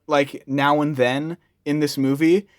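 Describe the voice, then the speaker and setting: A man's voice: fairly high pitch, level tone, clear, resonant tone, no room sound, studio quality. A young man co-hosting a movie review show, chatting casually and laughing often as he talks. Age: young adult. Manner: laughs often, halting restarts. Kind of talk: casual chat.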